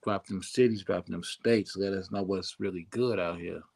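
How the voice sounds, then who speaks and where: A man's voice: sits low, fairly even intonation, normal speed, creaky, a little mellow. A man hosting a podcast in a casual chat style, hyping up his audience and calling on listeners again and again to join in. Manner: hyped, repeats calls to the audience to come on in. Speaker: podcast host.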